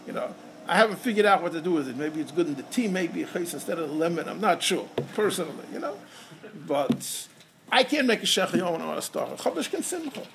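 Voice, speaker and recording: A man giving a Torah lecture in English, animated, peppered with Hebrew and Yiddish terms and telling stories with quoted dialogue. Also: high-pitched, fairly quick, gravelly, background noise. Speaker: rabbi teaching halacha.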